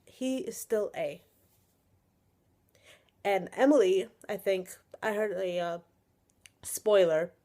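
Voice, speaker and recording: Young woman, casual vlog rant, exasperated, frequent sighs, swearing, mid pitch, camera mic. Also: takes it slowly, long pauses, warm tone. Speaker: vlogger reviewing a TV episode. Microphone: webcam or built-in camera mic.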